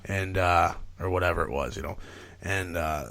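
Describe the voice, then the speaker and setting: This podcast guest has a deep, creaky voice and talks at normal speed. He spins a long, meandering tale in relaxed chat, cursing often, leaning on "like" and "you know," and recounting it all with animation.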